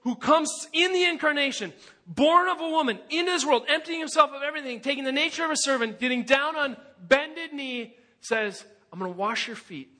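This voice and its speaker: An earnest man preaching a sermon, pressing his listeners with rhetorical questions. His voice sits unusually high and rings bright and sharp, and the delivery stays emphatic throughout. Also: moderate pace. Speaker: pastor.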